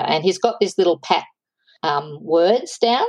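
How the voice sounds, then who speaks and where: A woman's voice: fairly low pitch, lively intonation, unhurried, a little mellow, no echo, poor audio. A middle-aged woman, a relationship counsellor giving thoughtful advice in casual conversation, often acting out example phrases. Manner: thoughtful, explains with quoted examples.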